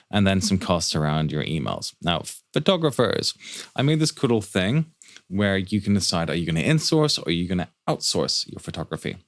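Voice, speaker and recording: Deep-voiced man, fast casual tutor talking through a finance model, jokey asides, dry close mic. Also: fairly bright tone, dry recording. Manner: quick, joking asides and rhetorical questions. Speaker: startup finance instructor. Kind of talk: fast screen-share walkthrough of a spreadsheet.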